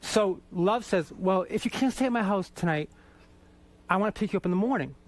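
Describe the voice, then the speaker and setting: A man from Boston, a guest in a radio studio, telling profane, animated stories with laughter. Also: high-pitched, fairly quick. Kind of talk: casual storytelling interview.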